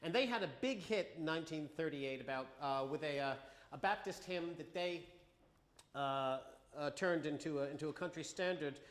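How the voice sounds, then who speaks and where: A man giving a conversational, wry museum talk to an audience, with halting restarts. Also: fairly high pitch. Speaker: lecturer and folk singer. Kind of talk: museum talk with sung examples. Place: museum hall. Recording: echoey hall with guitar. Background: acoustic guitar.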